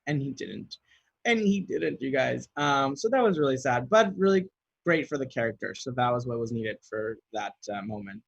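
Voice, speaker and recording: Chatty, giggly man with a breathy voice. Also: mid-range voice, expressive, moderate pace, dry recording, dull audio. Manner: chatty, giggly, reads questions aloud then rambles. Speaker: actor answering fan questions. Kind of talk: casual question and answer video.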